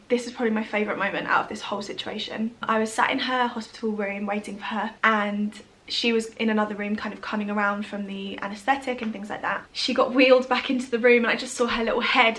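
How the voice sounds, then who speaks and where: Young woman, 20s, vlogger, slightly high voice, loose chatty storytime delivery. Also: a bit bright. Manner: chatty, frequent fillers like "like" and "literally". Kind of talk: personal storytime to camera.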